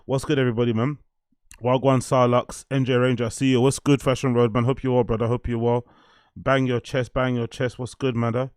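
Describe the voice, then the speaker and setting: A man's voice: medium pitch, little pitch movement, fairly quick, a little mellow, smooth, no echo. Young man, casual streamer, swears a lot, mid voice, dead-dry sound. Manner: laid-back, swearing, laughs often, reads chat aloud. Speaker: livestream host. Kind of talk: casual livestream chat.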